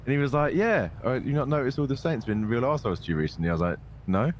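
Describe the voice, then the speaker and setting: A man in casual role-play chat, quick and blunt, teasing and swearing a lot. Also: mid-range voice, expressive, slight background noise. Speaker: fellow role-play player.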